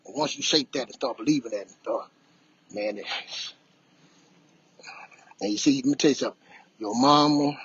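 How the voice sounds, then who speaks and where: A man talks through life lessons while out on a walk, preaching and repeating himself for emphasis. His voice is husky, the sound close and dry, the recording dull and lo-fi. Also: mid-range voice, normal speed, pauses often, dry recording. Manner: preachy, repetitive, animated storytelling. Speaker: motivational vlogger. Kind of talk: casual motivational talk. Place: outdoors on a walk.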